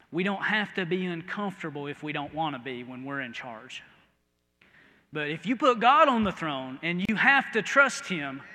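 A man from the American Midwest preaching a sermon in a folksy, storytelling way, going from quiet to loud. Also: fairly high pitch, big-room sound.

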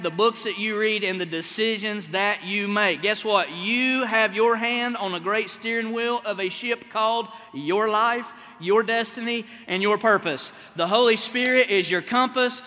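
A man's voice: sits high, unhurried, sharp tone. A male pastor preaching energetically in a church, joking with and teasing the congregation. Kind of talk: sermon. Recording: long church hall reverb.

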